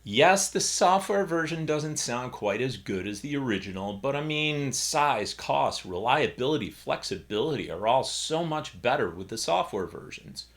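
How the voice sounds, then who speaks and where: A man's voice: mid-range voice, expressive, normal speed, hardly any pauses, fairly bright tone. A middle-aged man casually explaining music gear in a vlog from a small home studio, with wry, self-deprecating humor. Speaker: keyboard YouTuber.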